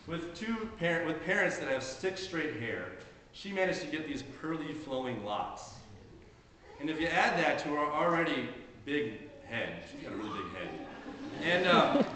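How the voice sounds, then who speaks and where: A man's voice: a little high, noisy background. A man preaching a sermon to a congregation in an earnest, conversational way. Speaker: pastor. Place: church sanctuary during a service. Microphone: handheld camcorder in the congregation. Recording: very echoey church, camcorder audio.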